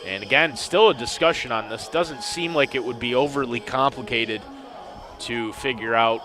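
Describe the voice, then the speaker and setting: Over background music, a male play-by-play commentator with a medium-pitched voice calls a semi-pro football game at normal speed. He drops dry, wry remarks about muddled officiating.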